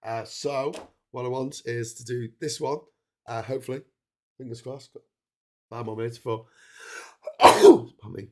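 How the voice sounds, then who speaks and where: With a cold in his voice, a middle-aged English livestream host talks casually to viewers, expressive and a little mellow at a measured pace with long pauses. His pitch is ordinary and middling, and he rambles, restarts sentences, and leans on ums and uhs.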